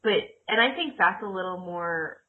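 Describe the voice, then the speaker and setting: A woman's voice: lowish voice, animated, moderate pace. Chatty woman on tinny lo-fi audio. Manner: rambling, laughs often, self-correcting. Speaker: podcast co-host. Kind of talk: casual chat.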